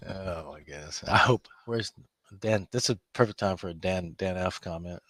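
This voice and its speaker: A man's voice: low-pitched, measured pace, long pauses, fairly bright tone, no room sound. Emphatic man hosting a trading stream. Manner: emphatic, scolding, laughs often. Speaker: trading room host. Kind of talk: live trading commentary.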